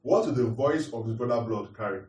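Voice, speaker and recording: A man's voice: medium pitch, brisk, a little mellow. A man preaching a teaching sermon, repeating his points and asking the congregation questions. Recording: roomy echo, distant mic.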